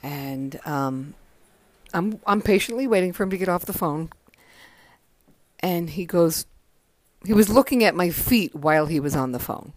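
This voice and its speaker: Her voice leans low and expressive, unhurried and full of pauses, captured dry at home. This tired podcast host rambles through a casual story monologue, self-correcting along the way and acting out the quoted lines.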